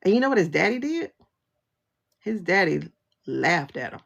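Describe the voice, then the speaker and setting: With a fairly low, creaky, sing-song voice at normal speed, a woman tarot reader rants bluntly and sassily while hosting a phone livestream. She laughs a lot as she goes.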